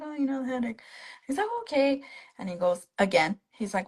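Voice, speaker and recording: A woman's voice: fairly high pitch, brisk, poor audio. A young woman speaking as a guest on a live stream, casually telling her own story and acting out the lines of the people in it. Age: young adult. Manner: animated retelling that acts out the other people's quoted lines. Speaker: guest, stroke survivor. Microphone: phone on a live video stream.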